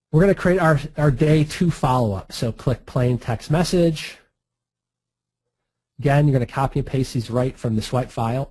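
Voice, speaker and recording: A man's voice: medium pitch, mellow, breathy edge, no room sound, low-quality recording. A man walking through a screen-share marketing tutorial in a chatty, breezy way, with frequent laughs and asides. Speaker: online marketing instructor.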